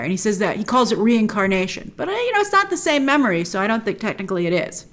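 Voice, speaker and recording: Animated enthusiastic woman recapping an episode. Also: medium pitch, fast, few pauses. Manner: enthusiastic, gushing; chatty, slips into retelling scenes. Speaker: host.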